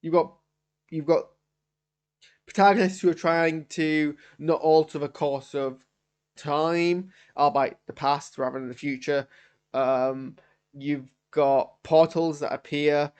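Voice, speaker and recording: A young man with a fairly high voice reviewing an episode live. He rambles, cuts himself off and gets exasperated. He talks as a fan thinking out loud. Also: fairly even intonation, slow, smooth. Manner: exasperated, rambling, self-interrupting. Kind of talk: live post-watch reaction.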